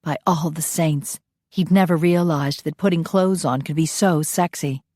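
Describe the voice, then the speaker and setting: A woman narrating a romance audiobook in a steady, unhurried, intimate reading. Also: low voice, no echo, studio quality.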